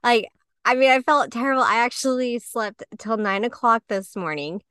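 A woman co-hosting a podcast, telling her story in a candid, animated way and acting out what people said. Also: on the high side, normal speed, smooth, dry recording. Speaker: podcast co-host. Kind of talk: candid conversational podcast talk.

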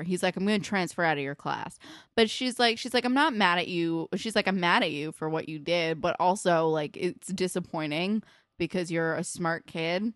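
A woman co-hosting a podcast, chatting casually and bluntly with swearing and quick asides. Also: lowish voice, lively intonation, fairly bright tone, no room sound, clean studio sound. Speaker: podcast co-host. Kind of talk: casual recap chat.

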